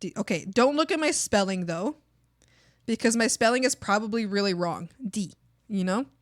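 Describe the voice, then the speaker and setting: A woman streamer in casual livestream chat, rambling and thinking aloud to her chat, swearing freely and breaking into excited exclamations. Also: medium pitch, normal speed, dry recording, studio quality. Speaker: art streamer.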